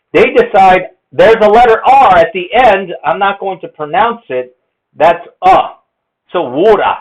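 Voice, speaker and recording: A man's voice: high voice, highs cut off. A man giving an explanatory monologue, lecturing and methodically counting errors. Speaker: presenter.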